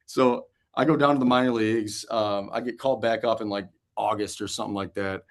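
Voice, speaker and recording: A man around forty, chatting as a guest about his old playing days. He tells it loose and animated, cussing freely and chuckling through the punchlines, in a mid-range male voice. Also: medium pitch, a little fast. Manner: animated, swears freely, laughs through anecdotes. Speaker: guest, former pitcher and pitching coach. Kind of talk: casual storytelling interview.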